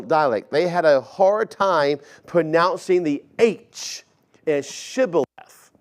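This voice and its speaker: A man preaches a relaxed teaching sermon. His voice sits on the higher side, and he takes an unhurried pace. He keeps turning to the congregation with friendly asides.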